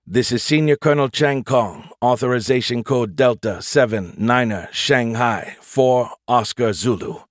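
A man's voice: medium pitch, measured pace, hardly any pauses, no room sound, clean studio sound, lightly acted. A man playing a senior colonel giving terse, matter-of-fact orders aboard a ship. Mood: terse command. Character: gruff male senior colonel commanding a ship.

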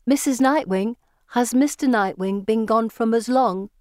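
A woman voicing an eager, mischievous teenage schoolgirl with a bright, pitched-up voice, in an audiobook reading. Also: a little slow, dry recording, clean studio sound, close to an everyday voice.

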